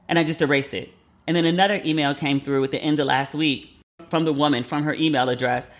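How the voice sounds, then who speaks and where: Profane, animated woman telling a story. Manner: candid and profane, acts out quotes with lively jumps in pitch. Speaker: podcast host. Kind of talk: casual storytelling monologue.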